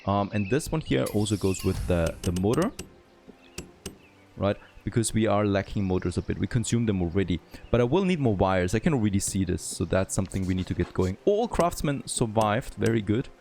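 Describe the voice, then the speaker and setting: Commenting on a city-building game in a let's play, a man whose first language isn't English thinks aloud and gets excited, frequently saying "there you go." He speaks briskly in a voice on the low side.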